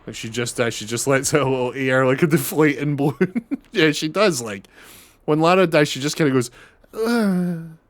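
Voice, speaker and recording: A young man streams a game and chats through it, swearing and laughing as he goes. His voice sits at a middling pitch. The sound is dry and close, with no room echo. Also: brisk. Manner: chatty, swearing, laughing often. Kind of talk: casual gaming commentary.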